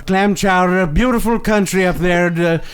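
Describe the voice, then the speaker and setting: A man's voice: high voice, normal speed, clean tone, close to an everyday voice. A man doing a comic impression of a boastful older male politician who rambles and repeats himself. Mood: rambling. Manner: rambling, self-congratulating, repetitive.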